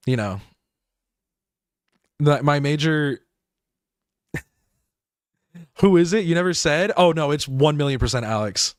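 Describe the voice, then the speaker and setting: A man's voice: fairly high pitch, clean tone, dry recording, studio quality. A man streaming a game live, rambling and laughing as he talks to his chat.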